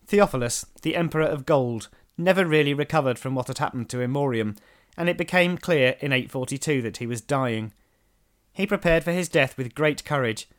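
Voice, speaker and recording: Man narrating history. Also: fairly high pitch. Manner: measured storytelling with dry asides. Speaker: podcast host.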